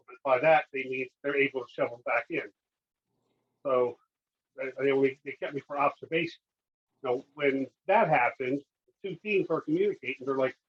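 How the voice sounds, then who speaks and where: A man's voice: medium pitch, breathy edge, dull audio. A man casually telling a podcast host a long personal story, acting out what the doctors and nurses said to him. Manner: animated, acts out dialogue with doctors and nurses. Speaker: guest.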